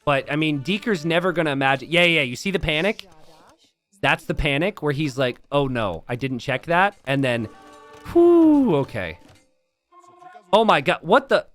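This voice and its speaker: A man casting a strategy game match, excitable and breaking into shouts and laughter. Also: a little high, moderate pace, long pauses, faint music behind. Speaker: game caster.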